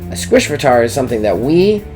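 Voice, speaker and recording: A man voicing a gentle, wise female fox plush creature who explains things in a soft, calm way. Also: medium pitch, a little fast, over music, natural voice. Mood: calm explaining.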